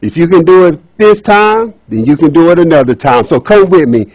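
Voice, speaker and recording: A man's voice: fairly high pitch, expressive, brisk, darkish tone, rough recording. A man voicing a demanding, greedy king in a told folk tale, with a bossy, commanding manner. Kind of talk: storytelling speech.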